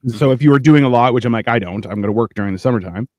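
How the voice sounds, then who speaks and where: A man's voice: medium pitch, rapid-fire, no echo. Brash canadian guy ranting stories on a comedy chat, dry mic. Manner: brash storytelling, acts out quotes loudly. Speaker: podcast co-host.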